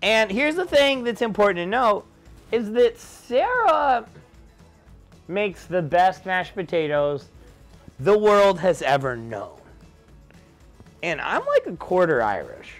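Young man, drunk, slow rambling, high lively voice, faint background music. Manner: loud, rambling, swings into high shouted quotes. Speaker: drunk storyteller. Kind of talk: tipsy rambling anecdote.

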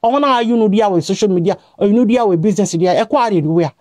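A Nigerian-accented woman vlogger delivers a scolding, repetitive rant straight to camera, switching between Pidgin and a local language. Her mid-range voice is mellow and rapid-fire, with no echo.

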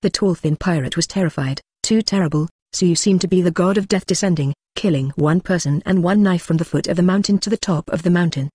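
A synthetic-sounding narrator reading a translated novel in an even, uninflected way. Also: mid-range voice, fast talker, few pauses, husky, dry recording, clean studio sound. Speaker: audiobook narrator. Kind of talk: scripted narration.

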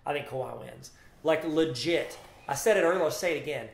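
A man's voice: on the high side, fairly quick, creaky, slight background noise. A man co-hosting a podcast in casual sports chat, jokey and rambling with playful asides. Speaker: podcast co-host. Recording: roomy echo.

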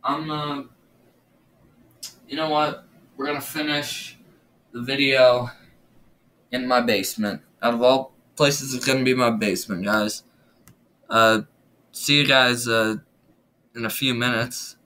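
Jittery stammering guy, bright voice. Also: medium pitch, steady tone, a little slow, pauses often. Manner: nervous, stammering, repeats himself. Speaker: gaming YouTuber reacting to videos. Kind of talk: casual reaction commentary. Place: room at home. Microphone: laptop or earbuds mic. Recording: roomy, distant from the mic.

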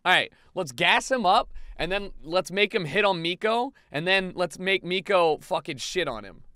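Bright-voiced excitable young man gaming. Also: high voice, normal speed, dry recording, studio quality. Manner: profane, excitable, yells at the game. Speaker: gaming YouTuber. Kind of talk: casual gameplay commentary.

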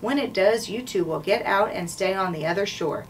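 A woman voicing a stern, commanding army general who speaks quietly in a storybook read-aloud. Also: medium pitch, moderate pace, close to an everyday voice. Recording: distant mic, faint noise.

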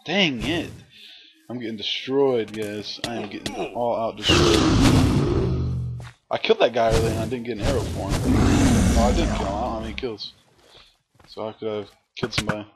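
A man's voice: fairly low pitch, fairly quick, loud music behind the voice. A man commenting casually on a game he is playing, talking to his viewers and letting out frustrated outbursts. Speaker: gaming commentator. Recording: loud background noise.

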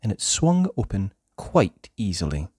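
A storyteller reading a children's picture book aloud in an expressive, sing-song way. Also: sits low, unhurried, slightly rough, dry recording, studio quality.

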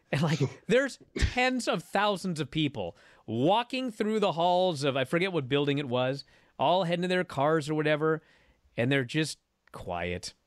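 Dude on a podcast retelling a wrestling show, kinda high voice, super dry close mic. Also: male voice, no echo. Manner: animated storytelling, acting out quotes. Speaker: podcast co-host. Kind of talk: casual wrestling recap chat.

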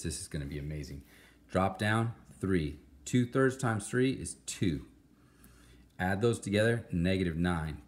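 A male math teacher giving an upbeat, encouraging recorded lesson, talking straight to his students. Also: low voice.

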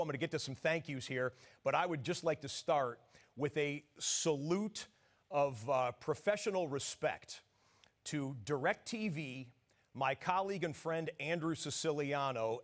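A man hosting a live sports broadcast from a TV studio, signing off with emphatic, effusive announcer delivery. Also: a little high. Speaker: sports TV host.

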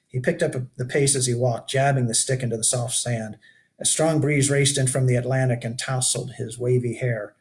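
A man, the author, reading his children's book aloud as an expressive storyteller with brief asides to listeners. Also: mid-range voice, normal speed.

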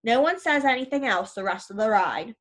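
A woman narrating an audiobook in an even, first-person storytelling manner. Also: a little high, fairly quick.

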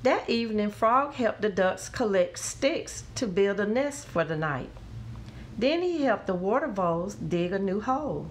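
A woman reading a children's storybook aloud with expressive, careful narration. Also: mid-range voice, slight background noise. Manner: expressive and slow.

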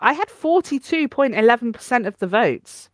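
A woman's voice: fairly high pitch, big pitch swings, normal speed, no room sound, studio quality. Playful chatty woman co-hosting a podcast. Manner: chatty and playful, tells jokes. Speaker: podcast co-host. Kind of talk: casual chat.

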